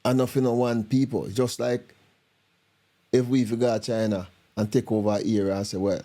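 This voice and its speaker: A man with a Jamaican accent reacting to video clips in casual commentary, talking in animated, repetitive patois with many restarts. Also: mid-range voice, moderate pace.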